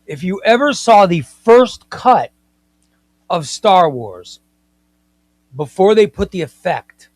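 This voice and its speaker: A man hosts a casual comics livestream, pitched a little high for a man. He talks emphatically and circles back to repeat his points, and he reads viewer comments aloud. The sound is close and dry, with no room in it. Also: sing-song, slow pace, pauses often, no room sound.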